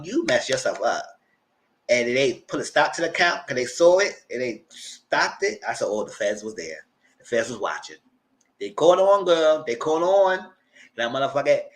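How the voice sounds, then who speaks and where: A man hosts a casual TV recap, retelling the story in a loud, dramatic way. His pitch swoops widely and his tone is bright and sharp. He tosses in swearing and "girl" and "y'all" asides, and sometimes jumps into squealing voices for the people in the story. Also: expressive, moderate pace. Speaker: channel host reviewing TV.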